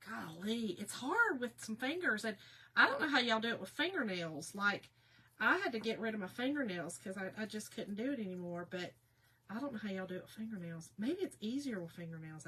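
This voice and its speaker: A woman's voice: on the high side, pushed and bright, breathy edge. Chatty woman crafting on a livestream. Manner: chatty, laughs often, talks to viewers as y'all. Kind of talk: casual livestream chat while crafting.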